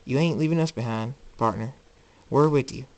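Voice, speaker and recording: A man's voice: mid-range voice, normal speed, gravelly, a little mellow, lightly acted. A man voicing a loyal cowgirl pony with a folksy country drawl. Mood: determined.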